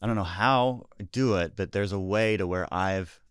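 A man's voice: on the low side, normal speed, clean tone, no room sound, studio quality. An American man, a stand-up comedian, talking casually and earnestly about his craft, often restarting his sentences. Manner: rambling, self-interrupting, earnest. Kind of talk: casual podcast chat.

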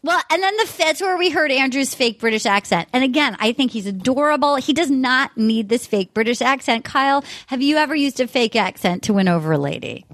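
A woman's voice: high voice, a little fast, hardly any pauses, no echo. A woman hosting a podcast, chatting casually and laughing often. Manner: giggly, lively banter, laughs often. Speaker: podcast host. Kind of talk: casual chat.

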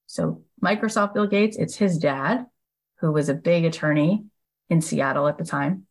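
Low-voiced woman telling a lively story. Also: normal speed, low-quality recording. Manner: lively storyteller who acts out quoted speakers; casual, with frequent "like" and "he goes". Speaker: podcast host. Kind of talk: storytelling monologue.

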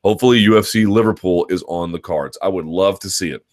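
A very low-voiced man hosting a live chat on combat sports. He talks unscripted in long, winding sentences, restarting his thoughts and hammering points home with repetition. His delivery is analytical and in earnest. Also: quick pace. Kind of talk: unscripted live-stream commentary.

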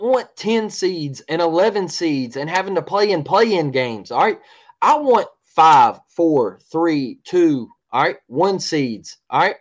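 A man's voice: a little high, animated, slow pace. A man co-hosting a sports podcast, ranting in a heated, repetitive way and often asking "all right?". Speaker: podcast co-host.

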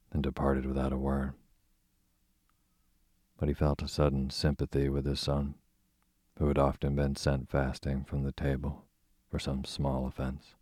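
A man reads an old-fashioned children's story in an extremely deep voice with a husky grain. His delivery is steady and almost monotone. The recording is dry and close. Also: no room sound. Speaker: audiobook narrator. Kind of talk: storybook narration.

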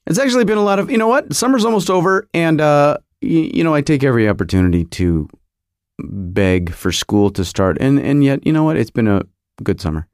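Male podcast host, joking, halting delivery, lively high-ish voice, dry garage studio. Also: no room sound. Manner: joking, halting, lots of fillers and restarts. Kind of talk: casual rambling monologue.

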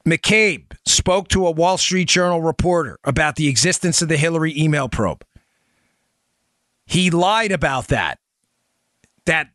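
A man's voice: fairly high pitch, a bit bright, no echo, clean studio sound. A middle-aged man from New York hosting a political commentary podcast, emphatic and firing off rhetorical questions to his listeners. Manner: emphatic, fires rhetorical questions, talks to "folks". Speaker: podcast host.

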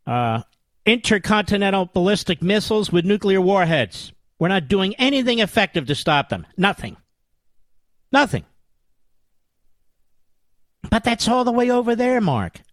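A man's voice: sits high, very animated, a little fast, dry recording. A man hosting a political talk radio show, delivering a combative, indignant monologue with emphatic repetition.

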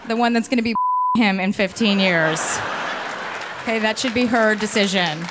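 A woman's voice: mid-range voice, moderate pace. A woman doing a stand-up set on a club stage, blunt and mocking, into a stage microphone. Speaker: stand-up comedian. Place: comedy club stage with live audience. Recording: live club recording with faint crowd and noise.

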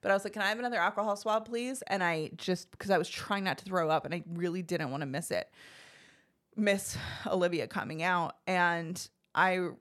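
A woman with a fairly low voice tells a personal story in casual podcast talk. She is chatty and animated, and she slips into quoted lines from the people in her story. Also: normal speed. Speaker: podcast co-host telling her birth story.

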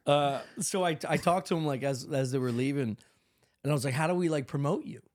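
A man's voice: on the high side, fairly quick, no echo, clean studio sound. A man co-hosting a comedy podcast, telling profane stories with frequent laughter. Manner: storytelling, profane, laughs often. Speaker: podcast co-host. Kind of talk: casual comedic chat.

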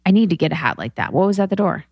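Woman in her 30s, podcast co-host, low-ish voice, loose chatty banter with swearing, dry close sound. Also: lively intonation, racing, darkish tone, breathy edge, no echo. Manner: chatty, swearing, laughing often. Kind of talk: casual chat.

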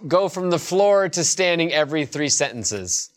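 A man's voice: fairly high pitch, big pitch swings, moderate pace, a little hiss or hum. A man hosting an improv comedy game, explaining rules with an upbeat, laughing manner. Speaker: host.

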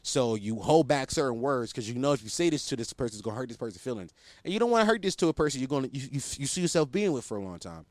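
A man's voice: mid-range voice, big pitch swings, very fast, no echo. A young man telling a story in casual, profane, self-mocking slang to his listeners.

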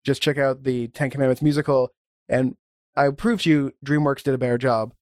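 A man's voice: medium pitch, fairly even intonation, fairly quick, a little mellow, no room sound, studio quality. A man guesting on a podcast, chatting casually and rambling enthusiastically about films. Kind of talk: casual chat.

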